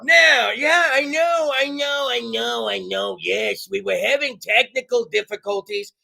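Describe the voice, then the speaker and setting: Loud joking man host. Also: very high voice, unhurried, creaky. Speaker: podcast host. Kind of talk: casual comedic chat show. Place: home studio.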